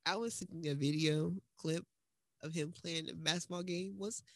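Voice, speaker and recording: A woman co-hosting a casual podcast, talking in an animated, rambling way with teasing and swearing. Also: deep voice, normal speed, no room sound, clean studio sound. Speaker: podcast co-host. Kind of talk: casual chat. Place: at home in another city from her co-host.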